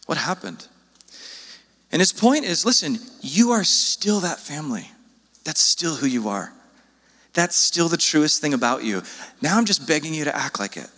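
A pastor delivers an earnest, pleading sermon, his voice, a little high for a man, leaping upward in sudden rises as he presses each point. His pitch swings widely, his tone is sharp, and he speaks at a normal speed. The sound carries the long reverb of a church hall.

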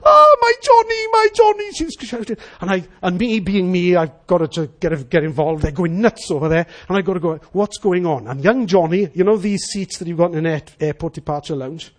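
A middle-aged Welsh man preaches a sermon full of stories, acting out the voices of the people in them. His voice is high-pitched and a little fast, with hardly any pauses.

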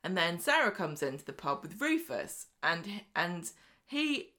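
A woman co-hosting a podcast, chatting and retelling soap episodes in an animated way. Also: lowish voice, unhurried. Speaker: podcast co-host. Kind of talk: casual chat recapping a soap.

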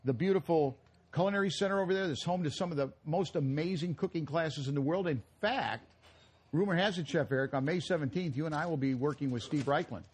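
Husky, jokey radio co-host man. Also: a little high, fast talker. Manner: jokey, rambling, coughing now and then. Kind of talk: casual radio banter. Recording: live remote broadcast at a retail store.

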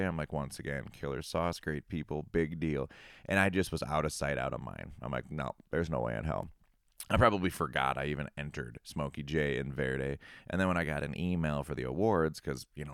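A man's voice: rumbling low, clean tone, dry recording, studio quality. A young man from Minnesota who makes hot sauce, chatting casually on a podcast, laid-back, laughing often and swearing freely. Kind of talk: casual chat.

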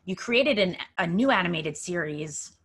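A woman's voice: lowish voice, animated, moderate pace, slightly rough. Enthusiastic woman hosting an interview. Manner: warm and encouraging, enthusiastic. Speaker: interview host. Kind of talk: casual interview.

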